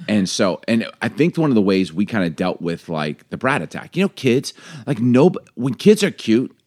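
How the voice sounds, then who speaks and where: Low-voiced man telling lively family stories. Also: moderate pace, no echo, studio quality. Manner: animated storyteller, acts out quotes. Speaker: podcast co-host, father. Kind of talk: casual chat.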